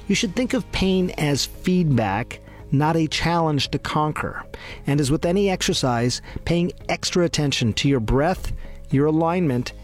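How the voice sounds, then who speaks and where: Guy doing a scripted health tip, slightly high voice, soft music under it. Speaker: health segment presenter. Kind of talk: scripted broadcast narration.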